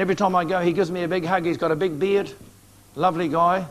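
Earnest New Zealand preacher, fairly high voice. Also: male voice, steady tone, fast, a bit bright. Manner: earnest, urgent exhortation with direct appeals to the congregation. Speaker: evangelist preacher. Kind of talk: sermon. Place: church meeting before a live congregation.

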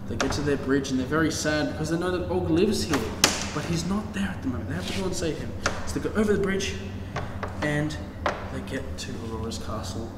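A man's voice: on the high side, brisk. A man hosting a livestream craft workshop, telling a playful story with toys, in an echoey hall with a distant mic and background hiss. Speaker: workshop host.

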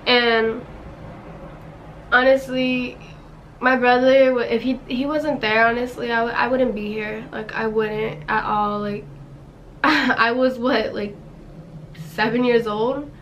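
A woman's voice: fairly high pitch, a bit bright, highs cut off, a little hiss or hum. Chatty young woman telling a story. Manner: chatty, lots of fillers and acted quotes. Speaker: vlogger. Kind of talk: casual storytime vlog. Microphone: camera mic.

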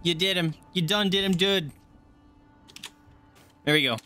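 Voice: medium pitch, unhurried, sharp tone, faint music behind. A game streamer chatting casually on a live stream, often cooing baby talk at a pet dog between gameplay remarks.

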